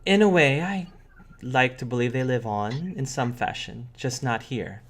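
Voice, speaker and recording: Gentle mother of two, put on by a man, calm and careful. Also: mid-range voice, measured pace, lightly acted.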